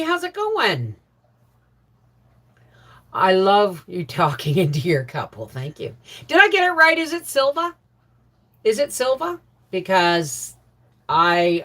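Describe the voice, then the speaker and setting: Woman, middle-aged, livestream host, slow talker, lively ups and downs, chatty. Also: mid-range voice. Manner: chatty, warm greetings to viewers, laughs often. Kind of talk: casual live chat reading viewer comments.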